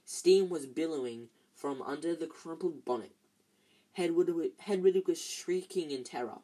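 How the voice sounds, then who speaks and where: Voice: mid-range voice, unhurried, dark tone, slightly rough. An amateur reader, tired, reading a novel aloud with frequent slips and restarts. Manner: stumbles and restarts often, tired.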